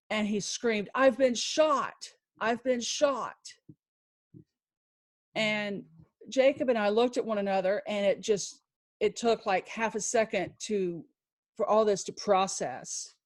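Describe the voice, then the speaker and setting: Woman guest telling a painful personal story: slow, halting, emotional, faith-filled. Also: mid-range voice. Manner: emotional, halting, with frequent restarts. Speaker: podcast guest.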